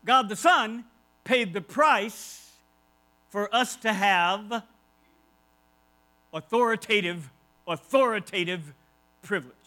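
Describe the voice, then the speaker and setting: A man's voice: sits high, sharp tone, poor audio. A man preaching a conversational sermon, emphatic and repeating key phrases, with asides to his listeners.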